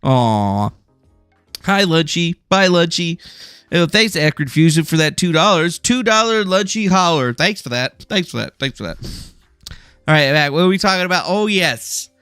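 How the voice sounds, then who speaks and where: A man's voice: a little high, lively intonation, moderate pace, fairly bright tone, clear, resonant tone, dry recording, clean studio sound, soft background music. A man hosting a casual livestream at home, reading news aloud and riffing on it sarcastically, swearing casually. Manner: reads news articles aloud and riffs on them. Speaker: livestream host.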